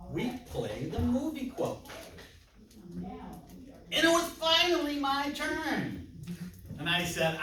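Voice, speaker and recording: A man in his sixties speaks slowly in a slightly high voice, joking with the audience as he presents. He sounds distant in a roomy hall, with a crowd murmuring faintly behind him. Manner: chatty, jokes with the audience. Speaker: conference speaker. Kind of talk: interactive presentation.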